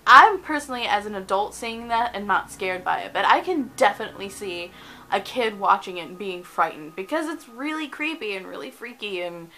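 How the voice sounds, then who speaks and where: A young woman in her twenties hosting a casual countdown vlog, chatty and animated, often giggling between points. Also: mid-range voice, slight background noise, low-quality recording. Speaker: video host.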